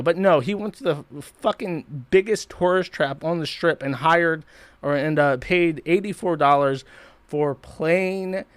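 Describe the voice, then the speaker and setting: A man's voice: a little high, no echo. A man hosting a live stream, ranting in a profane, mocking way. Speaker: streamer host.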